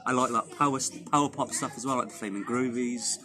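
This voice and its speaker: A man with a Welsh accent talks at length in a loose, animated way, circling back and restarting as he goes. His pitch sits in a middle range. A busy crowd carries on clearly behind him. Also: fairly quick. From Wales. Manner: rambling, animated, chatty with restarts. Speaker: guitarist. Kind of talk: casual backstage interview. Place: backstage after a gig. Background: crowd noise.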